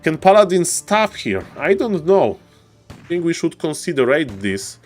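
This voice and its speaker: Man, esports caster, theatrical exclamations, lively swinging pitch, faint music underneath. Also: unhurried. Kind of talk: excited game commentary.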